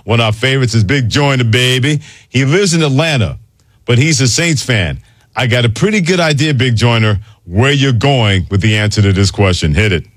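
A man hosting a sports talk radio show, talking conversationally and reading promos briskly. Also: mid-range voice, expressive, dry recording. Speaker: radio host. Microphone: studio mic.

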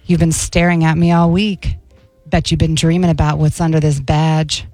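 A woman radio host reading a racy story aloud on air in a slow, careful voice. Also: low-pitched, level tone, a little mellow, no echo, soft background music, rough recording.

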